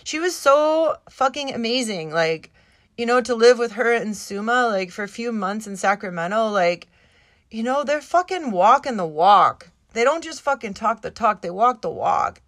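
Woman podcast host, high voice, emotional and profane, rambling monologue. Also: lively intonation, normal speed, a bit bright, no echo. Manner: swears constantly, impassioned and rambling; emotional, near tears at times. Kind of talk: casual solo podcast monologue.

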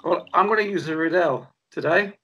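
A man's voice: on the high side, a little fast, vocal fry, pushed and bright, dull audio. A man guest in a casual tasting chat over a video call, easygoing with short replies.

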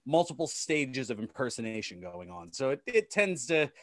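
A man's voice: mid-range voice, sing-song, normal speed, dry recording. A man who hosts a wrestling radio show, chatting casually and joking with dry wit. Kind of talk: casual chat.

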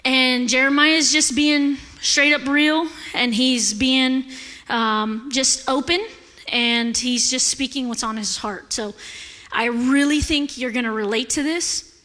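Woman, sermon, high-pitched, candid and animated, laughs often, church hall echo. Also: slow pace. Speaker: guest preacher. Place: church sanctuary. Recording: echoey hall.

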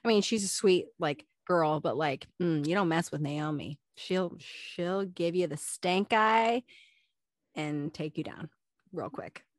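A young woman co-hosting a chatty podcast, telling funny stories in a giggly, animated way. Her voice sits in a middling register and sounds close and dry, with almost no room around it. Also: lowish voice, takes it slowly, no echo. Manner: giggly, animated storyteller acting out quotes. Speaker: podcast co-host. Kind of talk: casual chat, reading listener stories.

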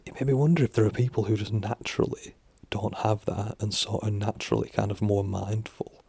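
A man's voice: on the low side, darkish tone, no echo. A man talking to camera in a casual rambling monologue, musing with lots of fillers and restarts and casual swearing. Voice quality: gravelly, husky. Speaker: vlogger.

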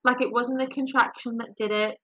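A young woman, a podcast guest, telling her birth story in a warm, animated, emotional way. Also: fairly high pitch, fairly quick, muffled recording.

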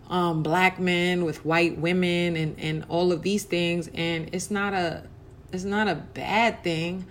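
A woman's voice: on the low side, slight background noise. A woman hosting a podcast, giving her blunt, heated personal opinions in a casual monologue with fillers and curses. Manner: conversational with frequent fillers. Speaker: podcast host.

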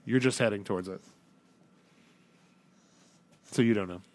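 A man's voice: lowish voice, rapid-fire, darkish tone. A man narrating a tabletop game as game master, describing scenes in a loose, rambling way full of fillers.

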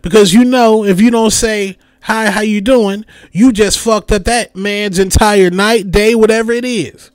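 A man's voice: high-pitched, fairly even intonation, measured pace, few pauses, dry recording, clean studio sound. A young man hosting a podcast, delivering a comedic rant with repeated catchphrases and mimicked voices. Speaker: podcast host.

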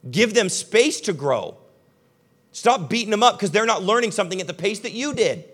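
A young male pastor delivers a sermon to a live congregation, with a slightly higher voice for a man. His delivery is conversational and emphatic, and he addresses his listeners directly. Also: lively intonation, moderate pace, a bit bright. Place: church hall with a live audience.

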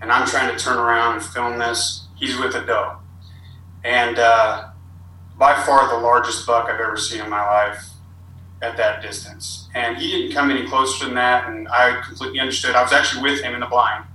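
A man with a mid-range, pushed and bright voice rambles through a hunting tale as a podcast guest, speaking at normal speed with fairly even intonation. The roomy, distant recording has faint ambience and slight background noise.

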